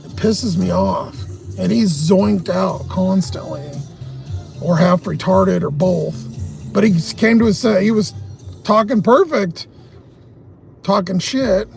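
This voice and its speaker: Soft music plays behind a man hosting a livestream as he slowly tells a long, agitated story full of swearing. His high-pitched, gravelly voice swings widely in pitch during this profane, casual storytelling rant.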